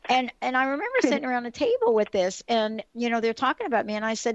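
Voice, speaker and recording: A woman, hosting a radio talk show and telling a story in a chatty, animated way full of asides. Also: a little high, fast talker, few pauses, no room sound. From the Bronx, New York. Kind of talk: casual radio chat, storytelling. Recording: dull lo-fi radio recording.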